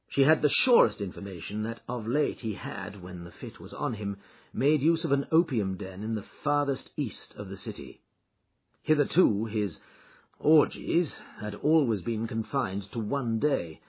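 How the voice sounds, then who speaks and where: A man giving an expressive, dramatic reading of a classic detective story, in a dull lo-fi recording. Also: fairly low pitch, measured pace, creaky, breathy edge. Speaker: audiobook narrator. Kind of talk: scripted narration of a classic story.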